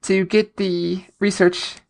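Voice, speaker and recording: A woman's voice: mid-range voice, level tone, slow, vocal fry, darkish tone. A woman co-hosting a podcast, chatting casually about a TV episode and laughing often. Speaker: podcast co-host. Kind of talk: casual episode recap chat.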